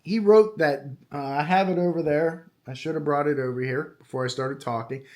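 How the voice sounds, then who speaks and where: Middle-aged male podcast host, slightly higher pitch, casual and opinionated monologue with fillers. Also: normal speed, a little mellow. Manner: conversational, opinionated, with frequent fillers. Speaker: true crime podcast host and retired detective.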